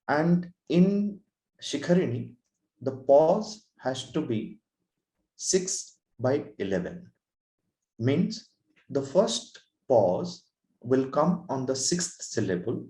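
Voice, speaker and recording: A man teaching Sanskrit verse meters in a lecture, explaining slowly and deliberately, then chanting verses melodically. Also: medium pitch, big pitch swings, dark tone, echoey room, poor audio.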